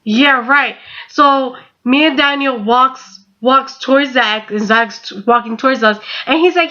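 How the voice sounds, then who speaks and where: A woman's voice: on the high side, measured pace, pushed and bright, muffled recording. A woman in her twenties telling a storytime, rambling with constant "like" and casual swearing. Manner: rambling, heavy use of "like", frequent swearing. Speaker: vlogger.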